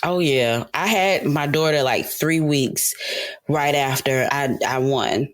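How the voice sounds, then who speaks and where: A young adult woman from South Carolina, a singer guest in a casual interview, telling stories in a lively way, acting out quoted voices and laughing often. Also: low-pitched, slow pace, dry recording.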